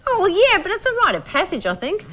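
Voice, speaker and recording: Bright, lively woman guest. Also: very high voice, fast talker. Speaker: guest panelist. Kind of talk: casual chat.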